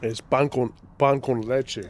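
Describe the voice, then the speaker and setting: A man's voice: medium pitch, fairly even intonation, unhurried, a little mellow, a little hiss or hum. A young man chatting casually on a gaming livestream, telling stories with lots of swearing and jokes. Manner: profane, joking storyteller. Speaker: gaming streamer.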